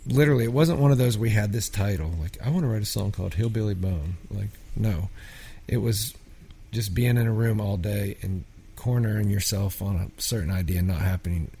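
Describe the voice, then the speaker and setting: A man's voice: fairly low pitch, warm tone, a little hiss or hum. A man from a small town in Pennsylvania, a songwriter telling rambling, filler-heavy stories in a casual interview. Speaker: songwriter guest.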